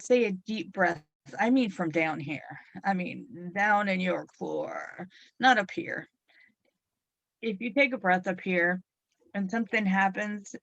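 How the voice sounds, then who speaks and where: A middle-aged woman hosts a hypnotherapy radio show in a chatty, playful way. Her voice is a bit froggy and hoarse today. The sound is close and dry, with no room around it. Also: on the low side, a bit bright, dry recording, muffled recording. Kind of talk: talk radio show with guided relaxation.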